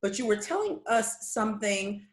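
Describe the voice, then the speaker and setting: A woman's voice: mid-range voice, big pitch swings, normal speed. A woman hosting an interview, affirming her guest and trailing through restarts as she talks. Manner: warm affirming, rambling restarts. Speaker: interview host. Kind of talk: casual interview conversation. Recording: echoey room.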